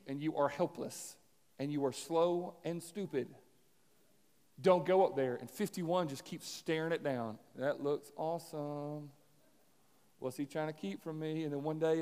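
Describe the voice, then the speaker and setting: A man preaching a sermon, telling a parable in an animated, dramatic way that swings from loud to hushed. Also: a little high, big-room sound. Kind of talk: sermon storytelling.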